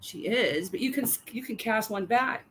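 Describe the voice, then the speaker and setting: A woman co-hosting a casual live-stream chat, animated and teasing, laughing often. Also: on the high side, moderate pace, a little hiss or hum, poor audio.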